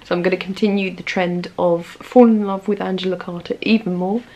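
A woman's voice: fairly low pitch, fairly even intonation, fairly quick, warm tone. A woman chatting enthusiastically about books she plans to read, with frequent fillers, in a casual vlog. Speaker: book vlogger. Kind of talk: casual book-haul chat.

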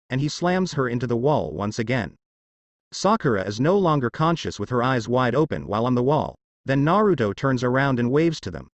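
A man's voice: medium pitch, expressive, a little fast, no room sound, lo-fi sound. A man reading fan fiction aloud as narrator, stumbling over words now and then.

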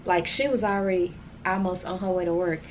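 A woman talks straight to her camera in a loose, rambling vlog style, calling her viewers y'all. Her voice sits a little low. A faint hiss runs under the recording. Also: steady tone, brisk. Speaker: vlogger. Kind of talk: casual chat to camera.

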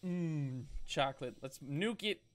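A man commenting on his horror game playthrough, excitable, swearing and chuckling as he talks to himself. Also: on the high side, a little slow, slight background noise. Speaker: game streamer.

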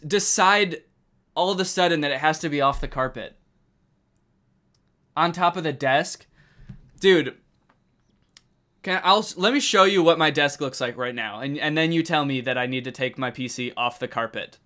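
A man streaming from a carpeted room at home, chatting casually with his viewers while he plays, and bursting into loud exclamations when he gets excited. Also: on the high side, moderate pace, pauses often. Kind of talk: casual live-stream chat while gaming.

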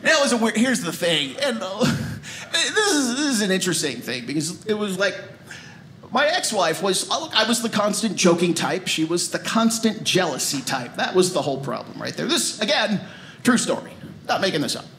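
Male stand-up comic, high and bouncy, noisy live club. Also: moderate pace. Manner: animated, emphatic storytelling with rising pitch. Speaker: stand-up comedian. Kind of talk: stand-up comedy routine. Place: comedy club stage before a live audience.

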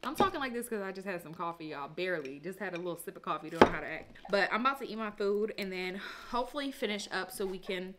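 A woman's voice: mid-range voice, lively intonation, fast talker, hardly any pauses, noisy background. A young woman talking casually to her viewers in a vlog, chatty and playful, often calling them y'all. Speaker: lifestyle vlogger. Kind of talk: casual vlog chat to camera.

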